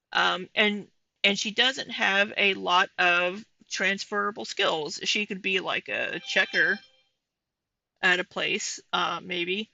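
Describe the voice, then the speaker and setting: A woman's voice: medium pitch, bright, forceful tone, no room sound, dull audio. A woman giving casual commentary over livestream clips, chatting with viewers by name.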